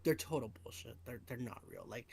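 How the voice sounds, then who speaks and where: A man with a gravelly, fry-edged voice talks bluntly on a casual podcast, swearing freely as he tells his stories. A faint hiss sits under his voice. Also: mid-range voice, fairly quick, darkish tone. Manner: blunt, storytelling, profane. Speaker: podcast co-host.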